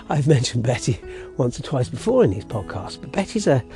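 Man, warm mellow voice, rambling storyteller, podcast recorded outdoors on a dog walk, faint music behind. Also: mid-range voice, very animated, moderate pace. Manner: rambling, self-interrupting, chatty with his dog. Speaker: podcast host. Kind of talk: casual storytelling monologue.

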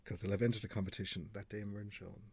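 A man's voice: on the low side, flat delivery, rapid-fire, a little mellow, a little hiss or hum. A middle-aged Irish man, a radio presenter telling stories in a frank, chatty way and swearing freely. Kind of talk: podcast conversation, storytelling.

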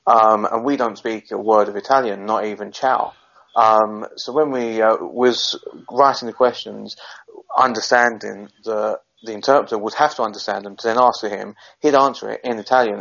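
A man's voice: fairly low pitch, gravelly, fairly bright tone, dull audio. A man co-hosting a podcast, telling a long rambling football anecdote in casual chat. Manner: rambling storyteller, many restarts. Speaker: podcast co-host.

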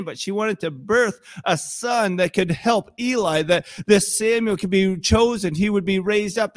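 A young man preaching a sermon in an animated, conversational way with joking asides. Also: sits high. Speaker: pastor.

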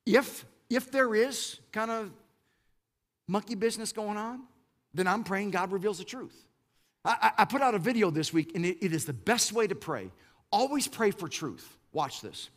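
A middle-aged man, preaching a lively sermon as pastor, often repeating words when he gets going. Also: high voice, moderate pace. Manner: lively, repeats words when fired up, mock-quotes the congregation.

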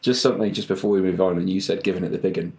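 A fitness coach who co-hosts a podcast chats in a laid-back way from a home setup on a video call, laughing easily. His voice sits low and is darkish, with a level tone and rapid-fire pace.

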